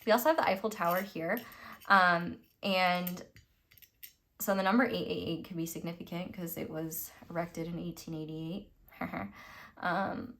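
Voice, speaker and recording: A woman's voice: fairly low pitch, fairly even intonation, measured pace, fairly bright tone. A young woman from the United States giving a casual, rambling tarot reading, full of fillers and little laughs. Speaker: tarot reader.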